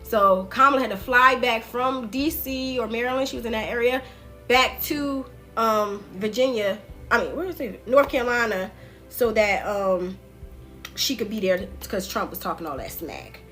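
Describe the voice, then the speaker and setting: A woman hosting a livestream, chatting casually and directly to her viewers in loose, slangy speech, retelling things with animated swings in pitch. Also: moderate pace, faint music behind. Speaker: livestream political commentary host. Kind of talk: casual chat.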